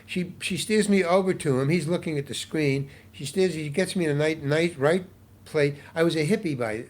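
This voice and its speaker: A man's voice: on the high side, normal speed. An older man, a guest actor, telling a long anecdote in a rambling way, restarting and repeating words as he goes. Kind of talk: anecdotal storytelling in an interview.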